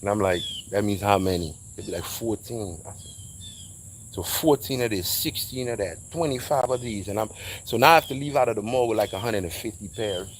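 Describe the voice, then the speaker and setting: A man telling a casual, animated story in slang, acting out quoted voices along the way. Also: fairly low pitch, fairly quick, slight background noise.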